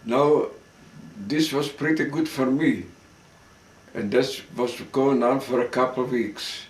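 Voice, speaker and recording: Older guy telling his survivor story, slow and halting, echoey room, kinda far from the mic. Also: medium pitch. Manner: slow, halting storytelling with restarts and occasional coughs. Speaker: Holocaust survivor giving testimony. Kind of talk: oral history testimony. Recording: roomy sound, speaker off-mic.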